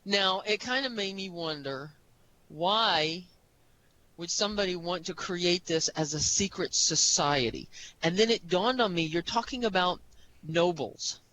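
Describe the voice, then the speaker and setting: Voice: medium pitch, a little slow, sharp tone, rough recording. A podcast co-host talking casually about history, rambling with many restarts and "you know"s.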